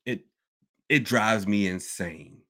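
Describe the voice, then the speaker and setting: A man hosting a casual podcast Q&A, rambling and animated, swinging between loud outbursts and low mutters. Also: slow pace. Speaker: podcast host. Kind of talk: casual live Q&A chat.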